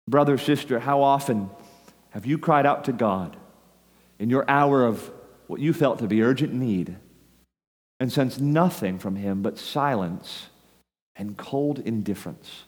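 A man's voice: mid-range voice, unhurried, pauses often, big-room sound. A man preaching an earnest sermon, addressing listeners directly with urgency. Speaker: pastor.

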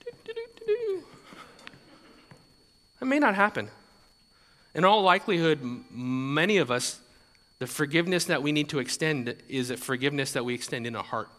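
A man's voice: on the high side, expressive, brisk, fairly bright tone, big-room sound. A male pastor giving a conversational sermon, often repeating words and adding light laughs.

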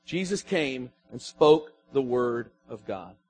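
A man's voice: mid-range voice, very animated, takes it slowly, darkish tone, breathy edge, soft background music. A man preaching a sermon as pastor, his emphasis swelling and falling as he asks the congregation questions.

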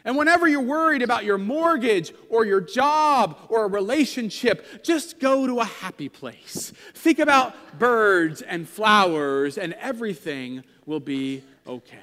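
A man's voice: sits high, expressive, a little slow, few pauses, bright, forceful tone, big-room sound. A pastor in his thirties preaching a sermon in a conversational, self-deprecating storytelling way.

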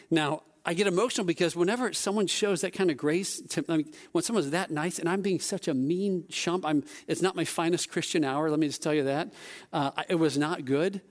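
A man with a fairly high voice delivers a sermon through a personal story. He tells it in an animated way, his voice climbing as he gets worked up, then drops low and soft on the serious points. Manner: animated storytelling, voice rising when excited; softens and lowers when speaking of grace. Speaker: preacher.

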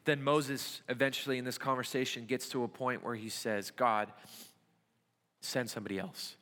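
A young adult man, a youth pastor, preaches a conversational sermon packed with rhetorical questions in a church sanctuary. His mid-range voice carries a sharp tone, with fairly even intonation and a normal speed. The recording has the reverb of a church hall.

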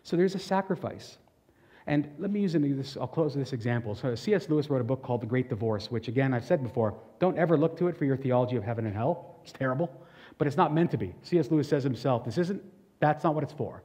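A man's voice: medium pitch, expressive, fast talker, dark tone, in a large hall. A pastor giving an earnest, conversational sermon, often restarting his sentences.

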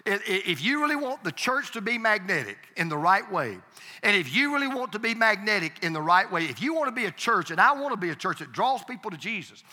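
A man's voice: sits high, very animated, quick pace, pushed and bright. A man preaching a sermon as pastor, emphatic, repeating key phrases and calling on the congregation to answer. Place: church sanctuary. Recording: reverberant hall.

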